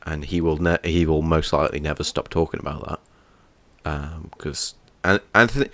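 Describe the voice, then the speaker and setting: A man's voice: a bass voice, normal speed, a bit bright, dry recording. A young man co-hosting a casual TV review chat, joking and teasing his friend. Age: young adult. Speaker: co-host reviewing a TV series.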